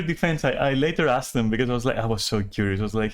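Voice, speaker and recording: A man's voice: mid-range voice, animated, fast. A man talking in a casual rambling monologue, often apologizing, laughing and swearing as he restarts his sentences. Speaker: channel host.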